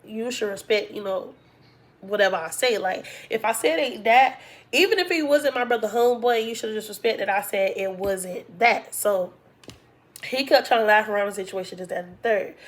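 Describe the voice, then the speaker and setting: A woman casually telling viewers a personal story in an animated, colloquial way, using "y'all" and "like" a lot. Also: fairly high pitch, moderate pace. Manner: animated, acts out quoted dialogue, heavy use of "like". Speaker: storytime vlogger.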